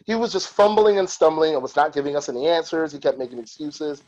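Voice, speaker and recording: A man hosting a podcast who tells personal stories in a candid, profane and animated way. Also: on the high side, fast talker, hardly any pauses, muffled recording. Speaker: podcast host. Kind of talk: casual podcast storytelling.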